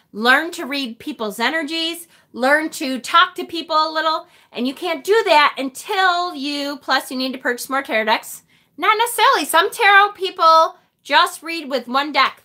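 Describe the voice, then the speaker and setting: A woman's voice: sits high, bright, forceful tone. A woman hosting a live tarot stream, talking casually and animatedly with the occasional mild swear.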